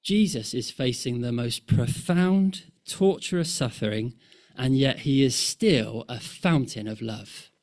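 A man preaching a sermon, rhythmic and impassioned, rising in force and falling to a hush. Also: medium pitch. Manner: slow, rhythmic, swelling and dropping to near-hush.

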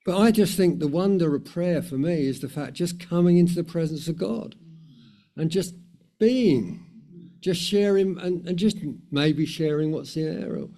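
A man's voice: a little high, normal speed, mellow. A man preaching a sermon in a conversational way, with many fillers and repetitions.

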